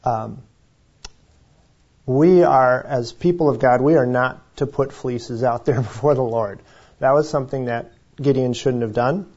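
A man with a mellow, dark voice leads a Bible study in a casual, chatty way. He often restarts his sentences and laughs softly. The recording sounds dull and lo-fi. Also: mid-range voice, measured pace, husky. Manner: conversational, self-correcting, chuckles. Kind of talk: informal Bible teaching.

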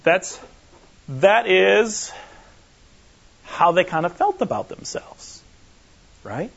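Animated high-voiced male preacher, muffled audio. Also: slow, vocal fry, pauses often, breathy edge. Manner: animated, emphatic, checks in with the audience. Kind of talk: conversational sermon teaching. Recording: muffled lo-fi recording.

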